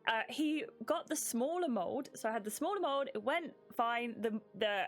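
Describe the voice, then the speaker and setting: A woman's voice: a little high, animated, normal speed, soft background music. A young British woman streamer telling a story in a casual, rambling way to her live chat, with many fillers and restarts.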